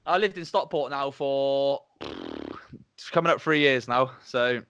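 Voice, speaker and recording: A man in his twenties from Dorset, England, hosts a podcast in a Dorset English accent, chatting casually and swearing freely. His medium-pitched voice is unhurried, fairly bright, clear and resonant.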